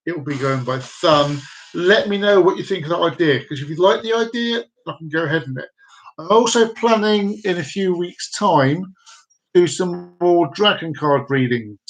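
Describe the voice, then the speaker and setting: Host, male, high-pitched voice, chatty and rambling, cracking corny jokes on a home live stream. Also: normal speed, poor audio. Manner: jokey, rambling, repeats himself. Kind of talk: casual live-stream chat. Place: downstairs room at home with dogs.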